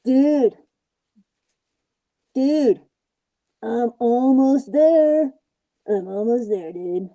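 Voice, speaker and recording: A woman's voice: fairly high pitch, extremely slow, long pauses, dark tone. A woman voicing a laid-back teenage male ninja turtle with a surfer-dude drawl. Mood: excited.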